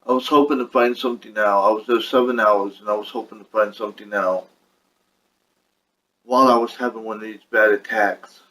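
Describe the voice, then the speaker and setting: A man's voice: fairly low pitch, steady tone, a little fast, sharp tone, poor audio. A young man venting about his health in a frustrated, rambling way, talking casually to camera at home. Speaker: vlogger. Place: at home with his dog on his lap.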